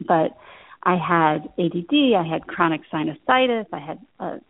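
A woman's voice: lowish voice, lively intonation, normal speed, creaky. A woman from Central Ohio, a nutrition practitioner, chatting as a guest in an interview and laughing often. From Central Ohio, USA. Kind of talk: casual interview chat. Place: New York City. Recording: tinny phone-like line.

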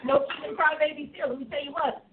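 Brief: exuberant woman show host, high voice, phone-thin sound. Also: steady tone, quick pace, phone-quality sound. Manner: exuberant, preachy, laughing. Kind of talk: lively live show chat.

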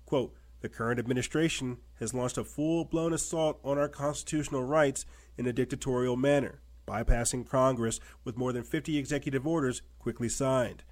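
A man's voice: mid-range voice, a little mellow. A man hosting a political commentary show. He reads news articles aloud and breaks into emphatic remarks full of repetition and rhetorical questions.

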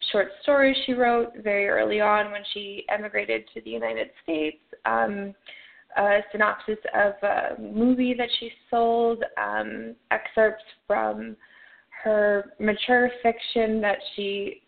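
Woman reviewer, slow and hesitant, creaky tone, tinny phone-line recording. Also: mid-range voice. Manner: halting, full of fillers and restarts. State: struggling, low on energy. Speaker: book reviewer. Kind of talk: casual spoken review with a read excerpt.

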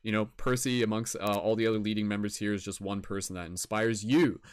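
A man's voice: on the low side, steady tone, fairly quick, smooth, dry recording, clean studio sound. A young man hosting a casual video-call broadcast, rambling with many fillers and encouraging his guests. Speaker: host.

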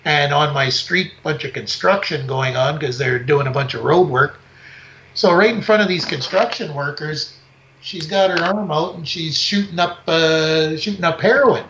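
A man's voice: on the high side, normal speed, a little hiss or hum. A man co-hosting a podcast, telling a story in casual chat and acting out scenes. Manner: animated storytelling, acts out scenes. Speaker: podcast co-host. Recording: dull lo-fi podcast audio.

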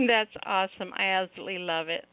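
A woman's voice: medium pitch, fairly even intonation, fast talker, slight background noise. Chatty woman host on a tinny phone line. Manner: chatty, storytelling. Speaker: radio show host. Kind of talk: casual chat.

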